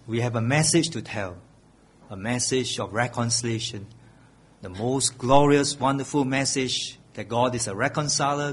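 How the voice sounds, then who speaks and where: Husky earnest male preacher. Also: medium pitch. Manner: earnest, pleading preaching with repeated phrases. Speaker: pastor. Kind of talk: sermon.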